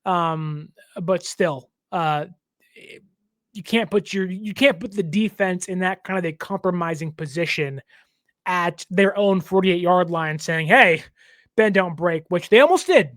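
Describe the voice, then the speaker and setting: A man hosting a team show, giving a casual, jokey, animated breakdown of a football game. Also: high voice, unhurried, dry recording, studio quality. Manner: animated, jokey, lots of fillers. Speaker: team podcast host.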